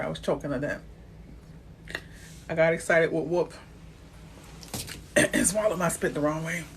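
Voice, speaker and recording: A woman realtor with a fairly low-pitched voice and vocal fry gives a live-stream talk on building credit. Slight background noise is audible. She's chatty and direct, greeting viewers by name as she goes.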